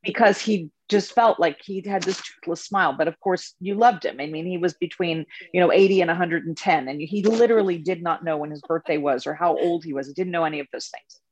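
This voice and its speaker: Animated woman coach telling stories. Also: lowish voice, fairly quick, hardly any pauses, rough recording. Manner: animated, laughs through stories. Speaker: spiritual coach and tour leader. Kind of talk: casual storytelling in an interview.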